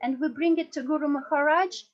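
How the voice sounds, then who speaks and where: At a devotional gathering, a woman speaking as a disciple shares a personal memory earnestly but haltingly, restarting often. Her voice is high-pitched, and the recording sounds muffled.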